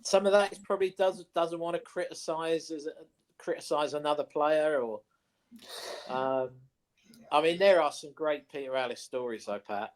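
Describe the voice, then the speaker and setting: A man's voice: fairly high pitch, moderate pace. A man co-hosting a sports chat show, a former golf pro telling rambling stories with plenty of ums and asides. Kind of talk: casual studio chat.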